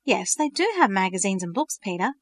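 A woman's voice: mid-range voice, big pitch swings, brisk, husky, no room sound. A woman voicing an earnest, thoughtful teenage girl in a storybook reading, asking pointed questions.

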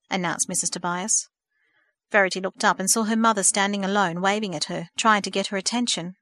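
A woman's voice: mid-range voice, dry recording. Woman narrating a storybook, dry and close. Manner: steady, measured reading. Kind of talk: audiobook narration.

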